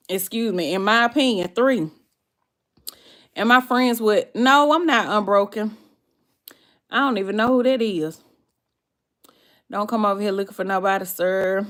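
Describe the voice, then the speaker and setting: Woman, southern us accent, live stream host, chatty, talks back to the comments. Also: mid-range voice. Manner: chatty, reads and answers viewers' comments. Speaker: livestream host. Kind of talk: casual livestream chat.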